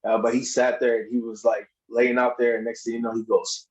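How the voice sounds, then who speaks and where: A man telling wrestling stories as a podcast guest, in a casual, animated way, acting out other people's lines in a raised voice and laughing often. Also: mid-range voice, fairly quick, highs cut off. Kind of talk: casual storytelling.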